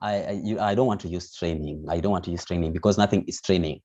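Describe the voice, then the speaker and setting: A man's voice: low-pitched, fast talker, a little mellow. A man teaching an online vocal lesson, explaining patiently with many restarts. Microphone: video call. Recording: dull lo-fi video call audio.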